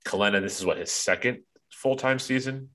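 A man's voice: mid-range voice, a little fast, sharp tone. A man co-hosting a sports podcast in casual chat, ranting with profanity and plenty of ums. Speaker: podcast co-host.

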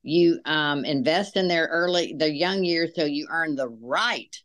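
An older woman with grandchildren, appearing as a podcast guest over a remote call and speaking in a warm, encouraging way. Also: low-pitched, unhurried. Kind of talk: encouraging ministry talk.

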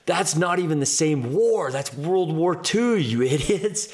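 Man doing a shouting drill coach, scornful, raised pitch, loud. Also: expressive, a little slow. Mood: scornful yelling. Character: furious adult male drill coach, scornful.

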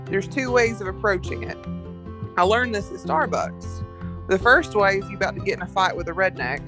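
A woman with a Southern American accent, a coffee entrepreneur talking frankly and telling animated stories as a podcast guest. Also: mid-range voice, normal speed, over music. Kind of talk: casual podcast conversation.

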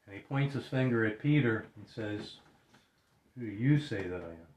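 A man preaching a sermon, earnest and measured, dropping his voice low when he quotes scripture. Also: expressive, darkish tone. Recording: roomy echoing hall.

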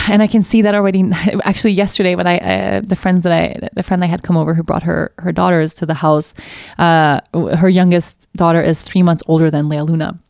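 Low, gravelly woman musing candidly. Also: flat delivery, brisk, a little mellow, dry recording, studio quality. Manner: candid, thoughtful, restarts often; casual, occasional swearing. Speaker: podcast host. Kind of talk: reflective solo podcast talk.

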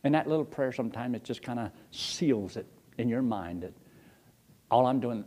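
An older man, preaching a folksy storytelling sermon, his husky voice leaping high when excited and dropping low to quote others. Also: moderate pace.

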